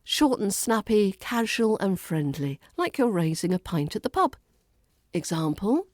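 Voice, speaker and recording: Slow, dark-voiced British accent coach woman. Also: medium pitch, very animated, no echo, studio quality. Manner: models phrases slowly, repeating each twice. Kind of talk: scripted accent lesson.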